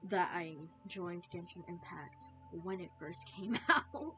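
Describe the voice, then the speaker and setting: A woman's voice: lowish voice, animated, takes it slowly, music in the background. A woman streaming a game, chatting and wondering aloud with little laughs as she plays. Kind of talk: live gameplay commentary.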